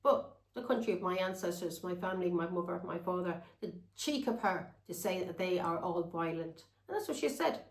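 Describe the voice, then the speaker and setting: A woman's voice: fairly low pitch, moderate pace, hardly any pauses, echoey room, rough recording. A woman telling a long, rambling personal story to her viewers. She talks bluntly and swears freely. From England. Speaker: tarot reader.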